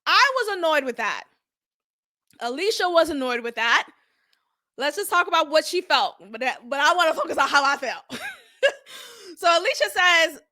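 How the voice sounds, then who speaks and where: Young woman, high bright voice, animated show recap, talks straight to listeners. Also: moderate pace, pauses often. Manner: animated, talks to listeners, acts out quotes, laughs often. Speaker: reality TV recap host. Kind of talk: casual show recap monologue.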